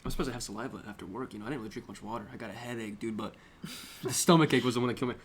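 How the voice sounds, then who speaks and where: A young man co-hosting a casual podcast, rambling and joking as he tells animated stories. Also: mid-range voice, very fast, faint music behind. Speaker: podcast co-host. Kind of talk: casual chat. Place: small room.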